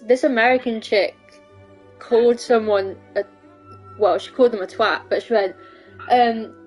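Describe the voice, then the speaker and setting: Young woman streamer, somewhat high voice, rambling casual chat, swears freely, faint music behind. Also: a little mellow, low-quality recording.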